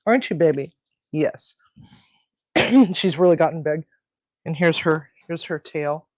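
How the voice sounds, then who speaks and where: A woman's voice: deep voice, unhurried, darkish tone, no echo, highs cut off. A woman hosting a casual home cooking video, rambling and chatty, cooing at her pets. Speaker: home cooking show host. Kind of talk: casual cooking and pet chat.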